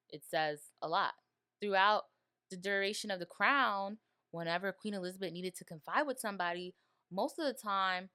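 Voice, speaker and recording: A woman's voice: fairly low pitch, pushed and bright, smooth, dry recording, studio quality. A woman hosting a solo podcast, talking through a TV review in an emotional, rambling way. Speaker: podcast host.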